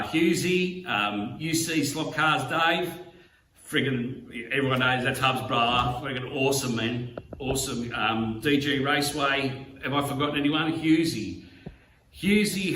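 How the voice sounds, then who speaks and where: A man's voice: mid-range voice, pushed and bright. Emotional Australian man, distant and roomy. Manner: emotional, halting, full of fillers and swearing. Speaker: slot car YouTuber. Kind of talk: heartfelt video message. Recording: roomy, distant mic, faint background hum.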